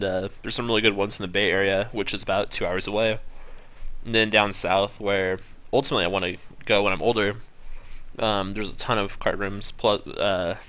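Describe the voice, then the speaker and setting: Young man, lowish voice, bright, streaming, casual commentary, lots of ums and self-corrections. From California. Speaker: poker streamer.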